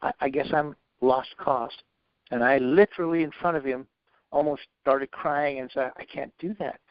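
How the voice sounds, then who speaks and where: Clear and resonant at medium pitch and normal speed, a man shares his personal story in an interview. He animatedly acts out both voices of past exchanges in an earnest, motivational, faith-driven tone, over dry, slightly dull lo-fi audio.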